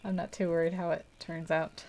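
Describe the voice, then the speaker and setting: A woman's voice: on the low side, flat delivery, a little fast, a little mellow. A young woman hosting a live art stream, chatting casually and rambling while she paints, laughing often and poking fun at herself. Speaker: art livestream host.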